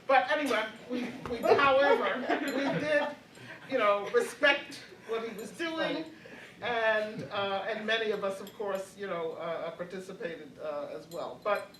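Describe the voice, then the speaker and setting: A woman's voice: mid-range voice, unhurried, reverberant, distant mic, background noise. An older woman in her eighties, reflecting on her college years as a panelist, hesitant with many fillers and restarts and frequent laughs. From Baltimore. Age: 80s. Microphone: video call.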